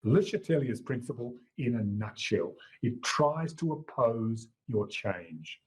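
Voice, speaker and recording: A middle-aged man with an Australian accent giving an exam-prep chemistry lecture, jokey and swooping up in pitch for emphasis. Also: takes it slowly, slightly rough. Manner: lively, jokey teacher who swoops up for emphasis. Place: lecture room. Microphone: wearable mic.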